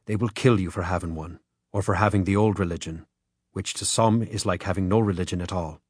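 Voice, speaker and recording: A quiet, secretive Irish father speaks in short, low, hushed words, as a male audiobook reader puts him on. His voice sits low and a little husky, recorded dry and close with no room around it. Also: steady tone, brisk, dry recording. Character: quiet, guarded Irish father, middle-aged man.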